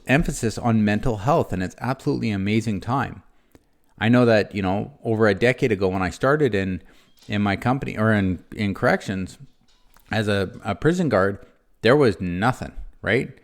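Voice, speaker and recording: A man hosting a motivational podcast, talking earnestly and warmly straight to the listener, with frequent tag questions and restarts. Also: on the low side. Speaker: podcast host, former prison guard.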